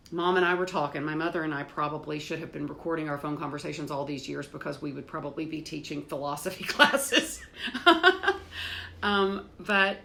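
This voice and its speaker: A woman's voice: low voice, creaky, pushed and bright. A woman hosting a home livestream, chatting with viewers by name, laughing easily and breaking into hymns. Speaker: host of a home cooking livestream. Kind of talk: casual livestream chat with singing. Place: home with doors open.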